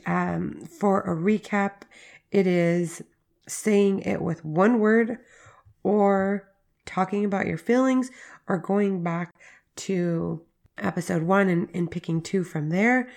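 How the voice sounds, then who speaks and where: Gravelly-voiced woman hosting a parenting podcast. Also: medium pitch, darkish tone. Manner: conversational, uses "like" and "right?" as fillers. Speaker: podcast host. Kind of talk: casual teaching monologue.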